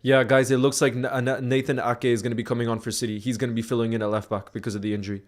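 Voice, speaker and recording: A man's voice: mid-range voice, level tone, very fast. A man live-streaming a football match watchalong, chatting casually with viewers and rambling with frequent restarts.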